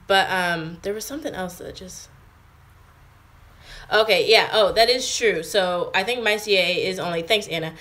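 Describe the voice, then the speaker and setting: Chatty American woman, low voice. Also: normal speed, bright, forceful tone. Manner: chatty, filler-heavy, reads and answers viewer comments. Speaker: vlogger. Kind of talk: casual livestream chat. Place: her home in England, indoors.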